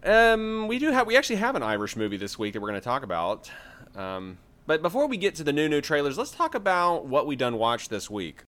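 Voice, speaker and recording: Animated man hosting a podcast. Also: on the high side, brisk. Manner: animated, laughs often. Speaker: podcast co-host. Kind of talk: casual chat.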